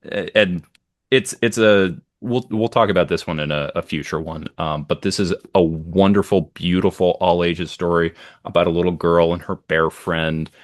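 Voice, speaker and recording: A man's voice: sits low, fairly even intonation, normal speed, no room sound, clean studio sound. A man co-hosting a casual podcast chat, enthusiastic and rambling with plenty of ums and uhs. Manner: enthusiastic, rambling with many fillers. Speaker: podcast co-host.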